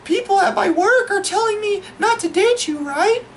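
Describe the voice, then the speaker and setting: Man imitating a young woman on a date, high falsetto, wary, matter-of-fact. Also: animated, normal speed, fairly bright tone, a little hiss or hum.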